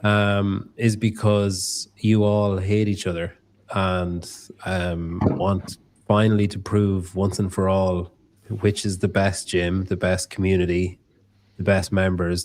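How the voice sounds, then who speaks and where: A man's voice: deep voice, a little mellow. A man hosting a casual podcast, joking and rambling, swearing freely. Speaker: podcast host.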